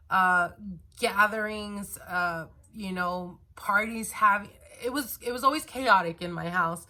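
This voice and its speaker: A woman's voice: mid-range voice, sharp tone. A woman casually telling a personal story to her viewers, rambling with fillers and restarts. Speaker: tarot reader and channel host.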